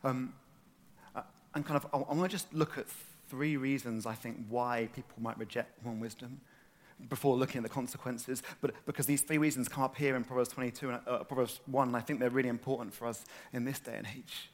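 A man giving a sermon to a gathered audience in an easy, chatty way, often turning questions to the listeners. His voice sits at an ordinary middle pitch for a man, and he talks with eager, animated energy. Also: brisk. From north London, England. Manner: conversational, animated, asks the room questions. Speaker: preacher.

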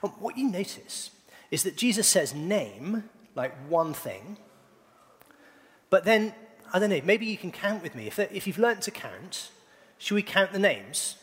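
A man's voice: high-pitched, big pitch swings, measured pace. A middle-aged man preaching a sermon, playfully quizzing his congregation. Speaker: pastor. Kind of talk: sermon with congregation call-and-response. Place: church hall. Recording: long reverb of a church hall.

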